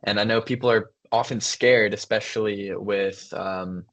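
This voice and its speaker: A young man co-hosting a podcast, telling stories in an easy, thoughtful way with frequent pauses and fillers. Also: lowish voice, fairly even intonation, fairly bright tone. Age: young adult. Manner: thoughtful, storytelling, many fillers. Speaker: podcast co-host, son. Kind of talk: casual conversation.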